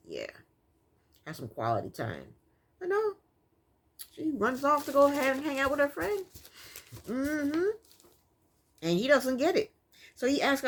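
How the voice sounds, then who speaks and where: A woman giving a casual reality TV recap with a sassy, exasperated edge. Her voice sits a little higher than most and swings widely as she talks. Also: sing-song, normal speed, pauses often. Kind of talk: casual commentary.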